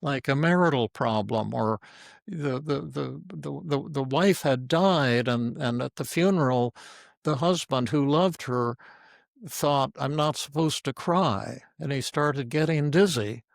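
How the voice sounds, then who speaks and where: A frank older man talks through a teaching session, spinning one case story after another in a plain, blunt way. His voice sits at an ordinary pitch for a man and sounds close and dry, with no room echo. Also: measured pace, creaky. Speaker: psychiatrist and teacher. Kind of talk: informal teaching talk with stories.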